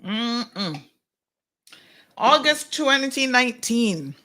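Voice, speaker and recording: A middle-aged woman hosting a live commentary, talking in a sarcastic and animated way. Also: mid-range voice, unhurried, long pauses. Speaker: host.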